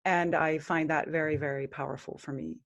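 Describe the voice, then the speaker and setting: A woman guest on a podcast talks earnestly about spiritual practice. Her voice sits on the low side, and at times she chants mantras slowly. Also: fairly even intonation, muffled recording. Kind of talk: spiritual interview talk.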